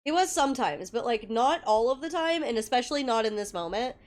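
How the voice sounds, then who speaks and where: A woman's voice: on the high side, animated, a little fast. A young woman chatting casually with her viewers as a livestreamer, telling stories and swearing freely. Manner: chatty storytelling with frequent swearing; greets viewers by name.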